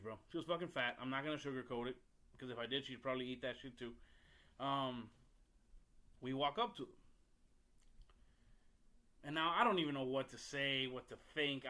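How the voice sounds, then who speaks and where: A podcast host with a medium-pitched, pushed and bright voice tells a story in a casual monologue. He's blunt and profane, rambling and frequently restarting.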